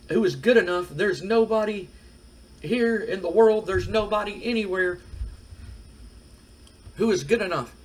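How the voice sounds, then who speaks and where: A man's voice: high-pitched, pitched above the performer's own voice, close to an everyday voice, low-quality recording. A man doing a brash, boasting wrestling manager. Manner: brash, repetitive bragging promo. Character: loud boastful male wrestling manager hyping his champion.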